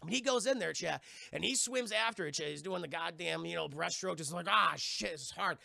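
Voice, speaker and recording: A man's voice: fairly high pitch, a little fast, creaky, dry recording, studio quality. A man streamer giving a rambling, profane recap of a movie to his chat. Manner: crude, excitable, heavily profane.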